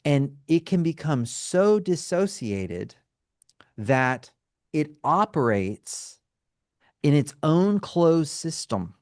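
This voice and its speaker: A man's voice: a little high, very animated, slow, a little mellow, no room sound, clean studio sound. A male counselor and trauma specialist, a guest in an interview, explaining things in a teacherly way and often checking in with "right?" and "okay?".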